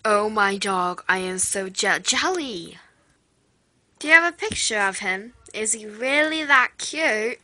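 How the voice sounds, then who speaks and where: Nosy teen girl in a put-on British accent, gushing and bright, as a young woman voices her. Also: medium pitch, lively intonation, a little slow. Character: nosy excitable teenage girl friend. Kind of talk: toy video role-play.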